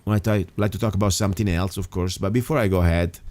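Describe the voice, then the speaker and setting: Emphatic talk radio host, lowish voice. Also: male voice, fairly even intonation, quick pace, a little mellow, no echo. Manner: emphatic, rambling with restarts. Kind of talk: casual talk radio monologue.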